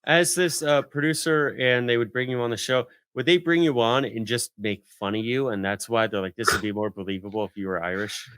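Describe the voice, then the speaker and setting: A man's voice: medium pitch, a little fast, few pauses, a bit bright, clean tone, no echo. Wry male podcast co-host. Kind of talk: casual podcast banter.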